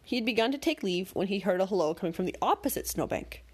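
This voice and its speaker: A woman narrating a bedtime story in a calm, gentle, measured way. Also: mid-range voice, slightly rough.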